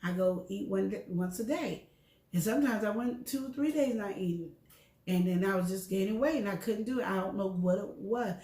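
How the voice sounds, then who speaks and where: Brisk and medium-pitched, a middle-aged co-host holds a casual, honest conversation about her health in an echoey room. She spins animated anecdotes, acting out the dialogue as she goes.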